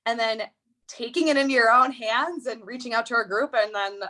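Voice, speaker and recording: A woman hosting a casual live stream, her voice bright and a touch high. She speaks enthusiastically and encouragingly, with plenty of "like"s. Her voice comes through a video-call mic. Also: fairly quick. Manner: enthusiastic, encouraging, many likes. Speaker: host, coach.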